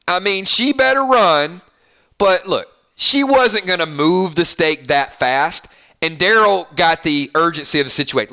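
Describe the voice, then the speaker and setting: Male host, casual episode commentary, lively pitch, slow and halting. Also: vocal fry. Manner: animated, with frequent stammered restarts. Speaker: YouTube show host.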